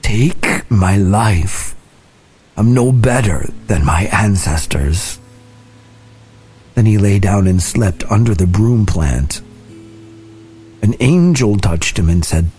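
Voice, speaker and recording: A man reading scripture aloud in a slow, deliberate, soft-spoken way. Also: on the low side. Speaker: scripture reader. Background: soft guitar music.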